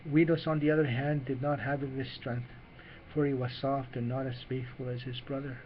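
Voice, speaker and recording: Give me a man with a mid-range voice, reading a children's storybook aloud in an unhurried way. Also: mid-range voice, little pitch movement, dull audio, a little hiss or hum. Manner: unhurried reading with small restarts. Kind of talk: storybook narration.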